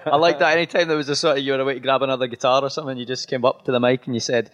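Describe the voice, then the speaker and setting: A man's voice: medium pitch, little pitch movement, very fast, a bit bright, muffled recording. A Scottish man presenting a radio show, interviewing a guest backstage in a festival dressing room with chatty enthusiasm. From Scotland.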